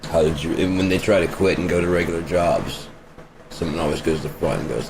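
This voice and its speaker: A man's voice: low-pitched, a little fast. A man vlogging an off-the-cuff opinion rant, blunt and profane, firing off rhetorical questions. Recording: steady vehicle road noise behind voice.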